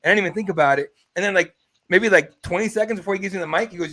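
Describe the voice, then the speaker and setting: Brief: young male podcast host, rapid and a bit high, excitable and swearing freely. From Mexico. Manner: excited, profane storytelling. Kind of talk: casual podcast chat.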